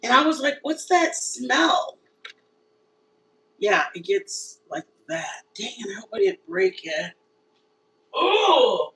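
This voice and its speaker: Woman, live cooking host, bright chatty delivery, a little off-mic with faint kitchen hum. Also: a little high, recorded from a distance, rough recording. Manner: chatty, animated, talks straight to viewers. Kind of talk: casual live cooking chat. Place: home kitchen.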